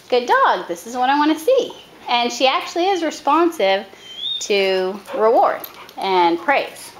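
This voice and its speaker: A woman dog trainer giving a hands-on coaching demonstration outdoors, calm when she explains and brisk when she gives instructions. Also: mid-range voice. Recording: camera audio with loud background noise.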